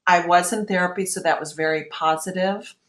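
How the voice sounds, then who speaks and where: A woman's voice: on the low side, steady tone, fairly quick, echoey room. A woman in her thirties telling her own story in an interview, candid and emotional, often acting out what she thought at the time. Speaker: guest.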